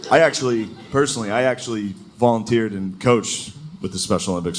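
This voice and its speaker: A man's voice: on the low side, quick pace, few pauses. A man doing a stand-up comedy set, crude and profane, laughing his way through his lines. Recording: noisy recording.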